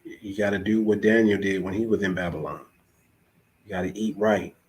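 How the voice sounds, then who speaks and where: A man's voice: deep voice, fairly even intonation, normal speed, darkish tone. Preachy male podcast host. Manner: preachy, exhorting listeners with repeated phrases. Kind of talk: casual preachy podcast talk.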